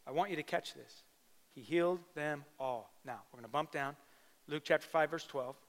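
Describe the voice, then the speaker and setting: A man's voice: fairly high pitch, moderate pace. Man preaching in a reverberant hall. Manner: dynamic preaching, swings from loud emphatic bursts to quiet intimate asides. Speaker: pastor. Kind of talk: sermon.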